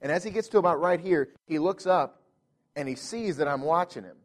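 A pastor in his thirties delivers a sermon, a bit higher-voiced than most men. He tells a story from home in an earnest way, often restarting his sentences. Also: animated, fairly quick.

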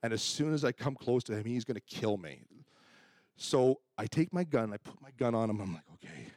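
A man's voice: medium pitch, moderate pace, no room sound, studio quality. A man, a pastor, telling a story in a sermon and acting out the lines he quotes with animation. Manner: animated, acts out his own quoted lines.

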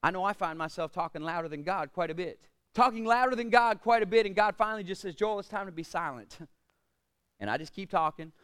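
A man preaching a sermon as pastor, asking the congregation questions and swinging between loud declarations and quiet asides. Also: high voice, brisk, clean tone. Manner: preaching with rhetorical questions and call-outs to the congregation.

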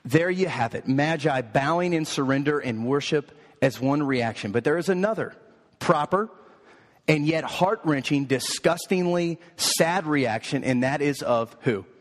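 Emphatic pastor preaching in an echoing hall. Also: male voice, on the high side, animated, measured pace. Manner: rhythmic, emphatic preaching with repetition. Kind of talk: sermon. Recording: echoey hall.

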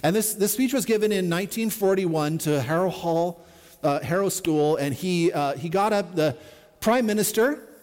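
A man's voice: on the high side, a little mellow, in a large hall. A middle-aged man preaching a sermon as a pastor, in an earnest, conversational way with repeated refrains.

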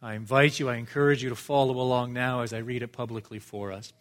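A middle-aged man preaching a sermon in a church, measured and earnest, rising for emphasis and dropping low for quiet asides. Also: fairly even intonation.

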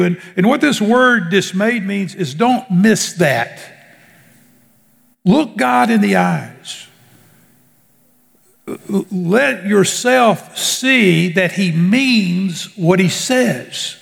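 A man preaching a sermon slowly and emphatically, drawing out his words and dropping low at the ends of phrases. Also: animated, vocal fry, a bit bright. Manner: slow, emphatic preaching with drawn-out words and sudden drops in pitch. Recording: long hall reverb.

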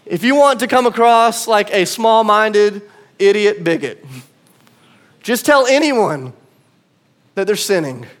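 A male pastor preaching a sermon, conversational and swinging from quiet asides to emphatic calls. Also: sits high, lively intonation, takes it slowly, long pauses.

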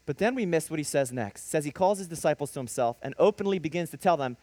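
Animated high-pitched male preacher. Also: fast talker, few pauses, no room sound. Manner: animated preaching with storytelling and sudden emphatic rises. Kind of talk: sermon.

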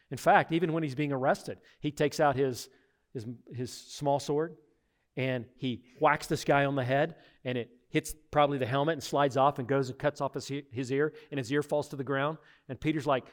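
A man preaching a sermon, retelling stories with acted-out voices and swinging from loud to hushed. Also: medium pitch, moderate pace. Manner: animated storytelling with acted-out voices. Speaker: pastor.

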